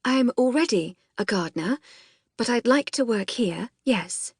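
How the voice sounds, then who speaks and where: A composed young woman answers a stern boss steadily and firmly. Her voice is soft with a slight huskiness. The recording is close and dry. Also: a little high, unhurried, husky, dry recording, voice pushed up. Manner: poised, steady, quietly firm. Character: tall, elegant young woman gardener, composed. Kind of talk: audiobook character voice.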